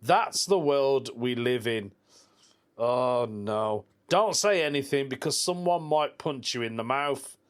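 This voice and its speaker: Male podcast host, mid pitch, casual chatty storyteller with slang. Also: animated, takes it slowly, clean tone. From England. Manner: chatty storyteller, laughs at his own jokes; informal slang like "proper" and "mate". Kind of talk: casual solo podcast chat.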